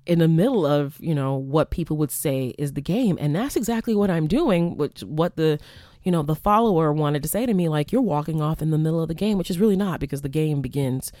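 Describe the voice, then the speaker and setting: A young woman, a former college teacher, hosting a candid storytelling monologue, profane and animated, acting out quoted exchanges. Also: low-pitched, fairly quick, dry recording, studio quality.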